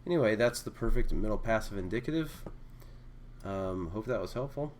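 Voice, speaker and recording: A man's voice: lowish voice, normal speed, slight background noise. A man teaching a casual screen-recorded lesson, thinking aloud as he writes and correcting himself as he goes. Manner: relaxed, thinking aloud with fillers and self-corrections. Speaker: Greek teacher.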